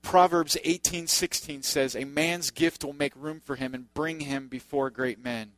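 A man's voice: fairly high pitch, fairly even intonation, measured pace, fairly bright tone, no room sound. A man preaching a sermon in a loose, conversational way, with joking asides to the congregation. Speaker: pastor.

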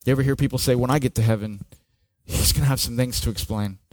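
A man preaching a sermon with slow, dramatic delivery, dropping to near-whispers and rising to loud peaks. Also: mid-range voice, fairly even intonation, no room sound, clean studio sound. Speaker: pastor.

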